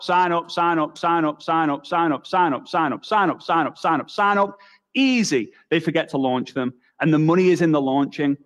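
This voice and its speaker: A young man with a Liverpool accent giving a motivational talk on network marketing, telling stories with energetic, quick repetitions. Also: a little high. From England.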